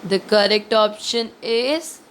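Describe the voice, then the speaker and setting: Slow, questioning teacher. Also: female voice, medium pitch, fairly bright tone, slight background noise. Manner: slow, questioning, addresses students directly. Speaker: school teacher. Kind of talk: classroom lesson.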